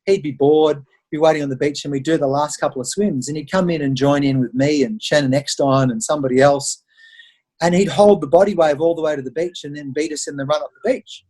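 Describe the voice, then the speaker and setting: A middle-aged man with an Australian accent, his voice fairly high for a man and noticeably husky. He talks through his stories in a lively, conversational way and acts out the voices of the people in them. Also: brisk. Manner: animated storyteller who acts out quoted voices. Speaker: podcast guest. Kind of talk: conversational interview storytelling.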